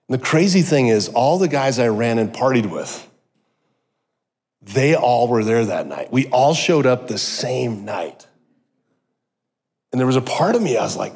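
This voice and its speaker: A middle-aged man giving a personal testimony sermon, telling his story with animated energy and joking asides. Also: medium pitch. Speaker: guest speaker. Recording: long hall reverb.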